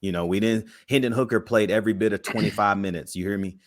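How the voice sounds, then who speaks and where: Male podcast co-host, low voice, dry close sound, slangy and hyped. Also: quick pace, no echo. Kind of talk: casual sports chat.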